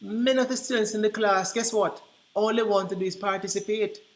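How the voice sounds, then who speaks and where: A man presenting to early childhood teachers, telling classroom stories in an animated way and acting out the dialogue. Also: high voice, a little fast, slight background noise. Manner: animated, acts out quoted dialogue. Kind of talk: storytelling presentation. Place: conference room. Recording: roomy echo.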